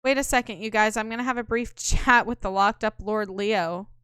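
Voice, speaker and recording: A woman's voice: mid-range voice, normal speed, a bit bright, smooth, dry recording, clean studio sound, lightly acted. A woman reading aloud the lines of a cocky, wisecracking young male rogue in a game, speaking in a breezy, slangy way.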